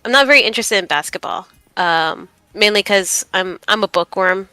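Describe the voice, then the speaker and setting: Hesitant woman with a dry bright voice. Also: mid-range voice, lively intonation, normal speed, smooth, no room sound, soft background music. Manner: hesitant, many fillers, giggly. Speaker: roleplay group member on a stream. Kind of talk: casual stream chat.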